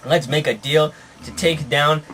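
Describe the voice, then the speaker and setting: A man's voice: on the high side, steady tone, measured pace, a bit bright. A man voicing an ambitious young male puppy who rises as a drug dealer, in a puppet story, over a noisy home recording. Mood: tough.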